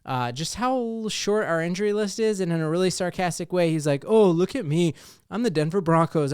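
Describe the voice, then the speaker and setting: A man hosting a casual sports talk show, excited and rambling with lots of fillers. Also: fairly high pitch, smooth, no room sound, clean studio sound.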